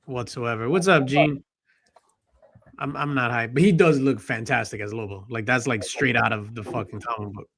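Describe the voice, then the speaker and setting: A man's voice: medium pitch, normal speed, vocal fry, fairly bright tone. A man hosting a casual pop culture panel show, joking around and reading out viewer comments. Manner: jokey, reads chat comments aloud. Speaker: host.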